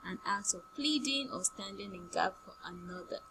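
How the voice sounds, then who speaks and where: A woman teaching an online primary English class, repeating each word slowly and giving example sentences. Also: medium pitch, expressive, pushed and bright, slight background noise, low-quality recording. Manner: slow, drilling words by repetition with example sentences.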